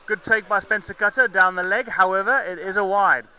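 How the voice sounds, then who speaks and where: Bright high-voiced man calling cricket. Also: brisk, a little hiss or hum, poor audio. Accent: mixed southern African and English. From Zambia. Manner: chatty, jokey, self-correcting. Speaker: cricket commentator. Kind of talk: live match commentary.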